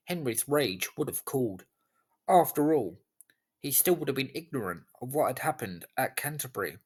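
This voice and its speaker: A man giving scripted history narration in a measured, even storytelling delivery. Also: mid-range voice.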